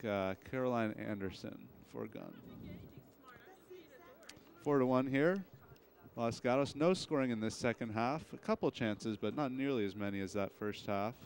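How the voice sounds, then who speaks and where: A young man announcing a high school soccer game, calling the plays live in a steady commentary. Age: young adult. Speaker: play-by-play announcer. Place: outdoor soccer field.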